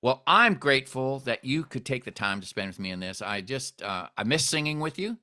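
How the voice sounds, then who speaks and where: Man, podcast host, bright clear voice, casual storytelling chat. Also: medium pitch, brisk. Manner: storytelling, animated when quoting others.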